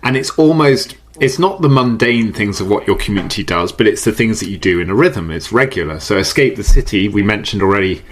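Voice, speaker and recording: A man speaking as a podcast guest, explaining ideas in an animated way, often repeating words and laughing easily. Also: fairly low pitch, a little fast, few pauses. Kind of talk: conversational podcast interview. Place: based in the UK.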